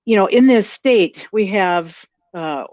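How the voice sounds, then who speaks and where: A woman's voice: medium pitch, expressive, takes it slowly, a little mellow, dry recording, lo-fi sound. A woman from Minnesota with a Minnesotan accent, talking casually as a podcast guest, friendly and chatty with many fillers and restarts. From Minnesota, USA. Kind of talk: casual interview chat.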